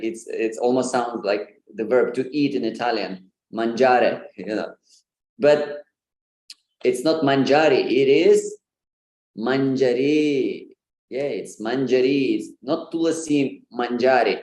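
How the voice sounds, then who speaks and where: A man's voice: medium pitch, darkish tone, roomy sound. A man giving an informal online lesson on pronunciation, with many fillers and light laughs. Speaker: Sanskrit pronunciation presenter.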